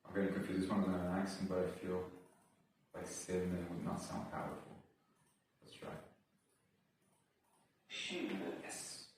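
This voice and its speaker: A man's voice: sits low, little pitch movement, normal speed, pauses often, darkish tone, heavy reverb, distant mic, low-quality recording. A man recording himself learning words, thinking aloud, repeating each word and breaking into playful sing-song bursts. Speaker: language learner. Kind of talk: casual self-recorded study session.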